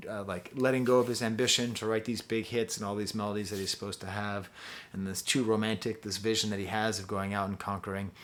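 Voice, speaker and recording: A man giving a rambling, enthusiastic spoken album review with lots of fillers. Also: lowish voice. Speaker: music reviewer.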